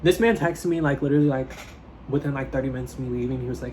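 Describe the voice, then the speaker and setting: A man's voice: steady tone, quick pace, slight background noise, low-quality recording. A young man telling a story on his vlog, chatty and dramatic, leaning on "like" and swearing freely. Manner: dramatic, switches into playful higher voices when quoting people. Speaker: vlogger.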